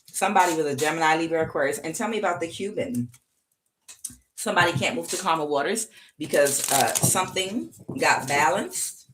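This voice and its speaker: This tarot reader's voice is lowish and a bit bright, with a little hiss or hum in the background. She chats casually to camera, laughs at herself, and punctuates her reading with frequent "okay"s.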